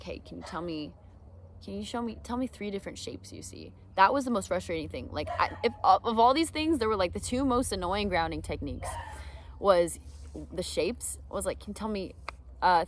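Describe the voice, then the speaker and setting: Young woman, lower voice, casual and filler-heavy, speaking about her own experience to advise others. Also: fairly bright tone, slight background noise. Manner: rambling, full of "um" and "like" fillers. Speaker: speaker training others to help students. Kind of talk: candid personal story with advice.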